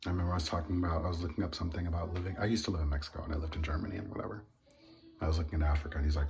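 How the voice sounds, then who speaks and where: A man's voice: low voice, racing, vocal fry, a little mellow. A man telling a personal story in a casual monologue, earnest and indignant with wry laughs. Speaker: vlogger.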